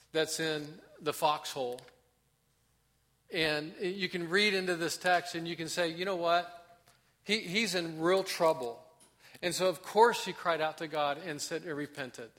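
A man preaching a sermon as a pastor, acting out heartfelt prayers and dropping to soft, slow emphasis on key points. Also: a little high.

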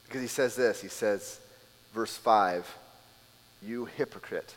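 A man preaching a sermon as a pastor, telling the scene in a lively way and acting out the people in it. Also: lowish voice, measured pace, long reverb tail. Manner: animated storytelling, acting out scenes.

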